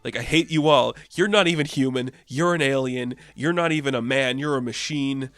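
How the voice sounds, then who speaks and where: A man's voice: medium pitch, moderate pace, a bit bright, no room sound, natural voice. A man putting on the voice of a boorish male government agent who bluntly insults everyone in a quoted comic scene. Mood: angry. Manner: blustering and insulting.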